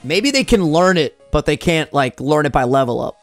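A man's voice: on the high side, very animated, normal speed, soft background music. A young man co-hosting a playful let's-play, trash-talking and hyping up his moves with lots of jokes. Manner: trash-talking, hype, joking. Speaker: co-host.

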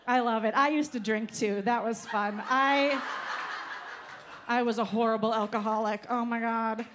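Brash high-voiced woman doing stand-up. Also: moderate pace, a bit bright, a little hiss or hum. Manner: brash, profane, teasing the audience. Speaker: stand-up comedian. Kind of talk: stand-up set with crowd work. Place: live comedy show on stage.

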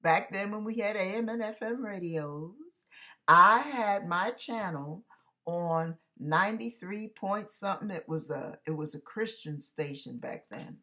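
A woman's voice: mid-range voice, animated, measured pace, sharp tone. A middle-aged woman preaching as an online minister, telling a story with asides to her listeners. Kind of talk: preaching monologue.

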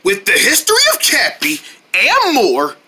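A woman narrating a homemade DVD trailer in an excitable, playful way, breaking into shouts and sound effects. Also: medium pitch, measured pace, slight background noise.

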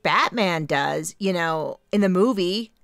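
A wry young woman needles her friend with dry, teasing remarks, as a woman puts her on. The voice has a faint vocal fry. It is recorded close and dry for an audiobook. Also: fairly low pitch, animated, slow pace, fairly bright tone, no room sound, exaggerated voice.

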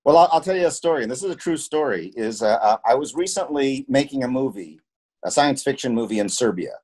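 A man's voice: medium pitch, expressive, fast talker, darkish tone. A man talks as an interview guest about his work in film and television. He tells anecdotes in an earnest way, often repeating a word as he restarts a sentence. His voice sits in the middle range for a man. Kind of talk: conversational interview, telling anecdotes.

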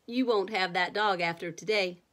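A woman voicing a rough schoolboy bully in a bedtime storybook reading, speaking loudly and mockingly. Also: medium pitch, moderate pace, natural voice. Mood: taunting. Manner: taunting, loud.

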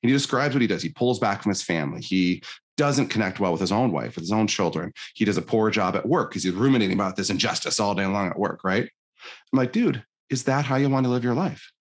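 A man's voice: on the low side, fast talker. A middle-aged man, a life coach, telling stories on a podcast and acting out the dialogue in them. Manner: animated storyteller, acts out quoted dialogue. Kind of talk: conversational podcast interview.

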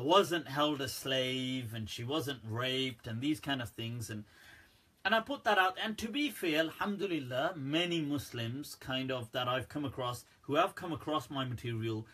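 A man's voice: mid-range voice, a bit bright, breathy edge. A man hosting a casual religious talk on a live stream, chatty, with many fillers and laughs at his own jokes. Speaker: Islamic scholar and live-stream host. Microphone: front-facing phone or webcam.

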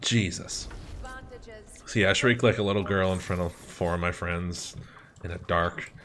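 A young man hosting a gaming channel, casually commenting on gameplay and telling a story, animated and swearing with lots of fillers. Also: low voice, moderate pace, slight background noise.

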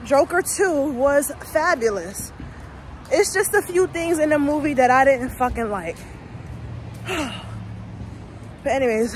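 Woman vlogger, high bright voice, heated profane rant to camera, faint outdoor traffic hum behind. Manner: emotional, heated and profane, talks straight to viewers. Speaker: vlogger reviewing a movie. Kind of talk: casual unscripted rant to camera.

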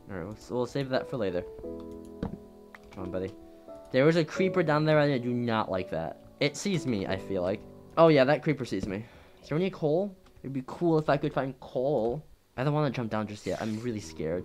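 A gameplay commentator talking over their own play, jumpy and quick to swear, yelping at every scare. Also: mid-range voice.

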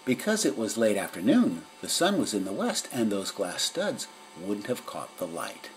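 A man's voice: on the low side, huge pitch swings, moderate pace, a little hiss or hum, low-quality recording. A man voicing a grand, serene female cat detective in a storybook reading, speaking in a stately, self-assured way. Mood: explaining.

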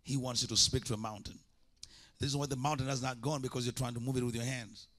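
A man's voice: mid-range voice, flat delivery, quick pace, fairly bright tone. A man preaching a sermon as an evangelist, impassioned, with repeated call-and-response lines.

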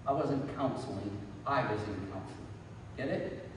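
A man's voice: mid-range voice, normal speed, background noise. A man preaching a sermon as pastor, repeating phrases and building into fervent prayer. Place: church sanctuary. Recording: echoey church hall, mic at a distance.

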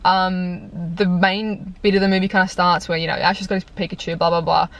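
A woman's voice: fairly low pitch, a little fast, dull audio. Chatty young woman reviewing a movie. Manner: chatty, animated, lots of fillers. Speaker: YouTube vlogger reviewing a film. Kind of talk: casual chat. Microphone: compact camera mic.

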